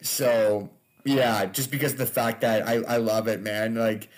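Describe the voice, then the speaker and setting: A man's voice: on the low side, steady tone, unhurried. A man, a stand-up comedian, chatting casually as a podcast guest, loose and laughing, with frequent swearing.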